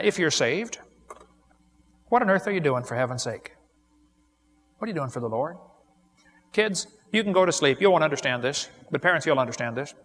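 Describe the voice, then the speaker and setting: A male evangelist preaching a sermon, an animated storyteller who laughs at his own jokes and appeals directly to the listener. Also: fairly high pitch.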